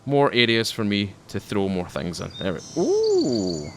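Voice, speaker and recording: A Scottish gaming YouTuber rambles casually to his viewers as he plays, often repeating himself and restarting phrases. His voice is on the low side with huge pitch swings and a slightly slow delivery, and there's background noise.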